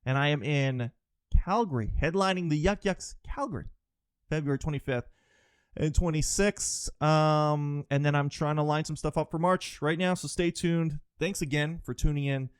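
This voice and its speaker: A man's voice: fairly high pitch, moderate pace, clean tone, no echo, studio quality. A young man hosting his own podcast, a stand-up comic ranting loosely and jokingly, swearing and calling the listener dude and bro. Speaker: podcast host and stand-up comedian. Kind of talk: casual solo podcast rant.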